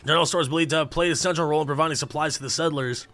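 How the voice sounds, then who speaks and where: A man's voice: fairly high pitch, fairly even intonation, very fast, fairly bright tone, soft background music. Sleepy young man streaming a game. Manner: chatty, reads game text aloud with offhand reactions. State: sleepy, keeps yawning. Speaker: gaming streamer. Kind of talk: casual livestream commentary.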